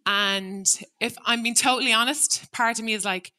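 A woman's voice: a little high, fairly even intonation, normal speed, bright, forceful tone, a little hiss or hum. A middle-aged woman, a former teacher, giving an earnest, reflective prepared talk on stage and acting out the dialogue in her story. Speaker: teacher turned restorative practice trainer.

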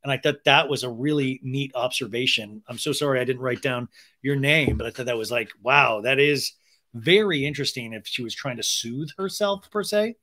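A man hosting a podcast and recapping a reality TV reunion in a chatty, gossipy way, full of quick asides. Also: medium pitch, sharp tone. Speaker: podcast host.

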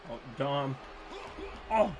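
A man doing amateur play-by-play commentary on a wrestling match, drawn-out calling broken by sudden excited shouts and swearing. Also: medium pitch, background noise. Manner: slow, drawn-out calling between bursts.

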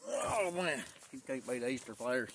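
A man rambles in a folksy way to a handheld camera out in the woods. He is tired and talks at a middling pitch. Faint outdoor noise sits under his voice. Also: expressive, normal speed, fairly bright tone. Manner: folksy, rambling, repeats himself. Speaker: vlogger.

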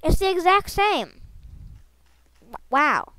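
A woman's voice: very high voice, very animated, slow, bright, forceful tone, low-quality recording. A woman giving playful, rambling gameplay commentary, making silly sound effects and joking to her viewers as she plays. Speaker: gaming channel host.

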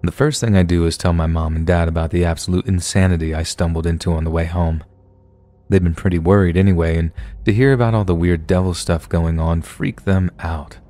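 A man's voice: deep voice, fairly even intonation, fairly quick, dark tone. A man narrating a first-person horror story in a casual, conversational way.

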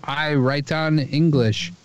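A man's voice: fairly high pitch, fairly even intonation, takes it slowly, smooth, dull audio. An American man co-hosting a podcast, bantering casually, swearing and joking as he argues his point. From United States. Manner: profane, joking, playfully argumentative. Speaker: podcast co-host.

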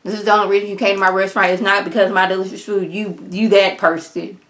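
A woman casually recapping a TV episode in colloquial, animated speech. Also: medium pitch, quick pace. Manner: animated, colloquial, acts out characters' lines. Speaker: TV show reviewer.

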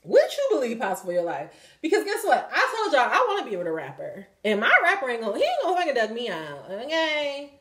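Blunt, profane woman, animated. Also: high-pitched, quick pace, hardly any pauses. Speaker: tarot reader and channel host. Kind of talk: candid spoken reading to viewers.

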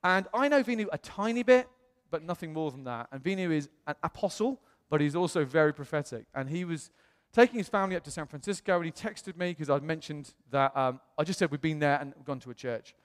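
The English pastor, with his British English accent, continues a sermon story in the church auditorium, performing the voices of those he quotes. His fairly high voice is expressive and fairly quick with few pauses, and the recording has a big-room sound.

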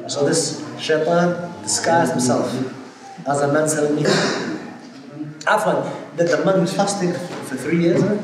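A man, a sheikh teaching a religious class, telling stories, acting out the quoted voices and using Arabic terms. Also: fairly high pitch. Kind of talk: religious lesson with storytelling. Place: Islamic centre hall. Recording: echoey hall, far from mic, crowd audible.

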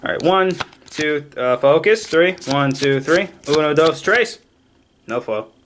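A man casually opening trading card packs on camera, excitably rattling off card names and cracking jokes. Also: on the high side, takes it slowly, slight background noise. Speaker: card pack opening vlogger. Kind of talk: casual card unboxing commentary.

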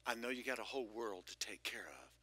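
A man preaching a lively sermon as pastor of a church, shifting between loud exclamations and hushed whispers with playful asides. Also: fairly low pitch, fast, slightly rough. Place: church sanctuary.

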